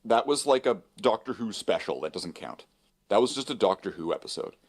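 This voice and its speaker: Lively man in rambling chat. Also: brisk. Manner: rambling, laughs often, lively pitch. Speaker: co-host. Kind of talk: casual chat.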